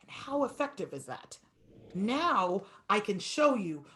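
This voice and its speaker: Woman piano teacher, masterclass coaching, fast talker, animated pitch. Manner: talks fast and lively, stretches words for emphasis.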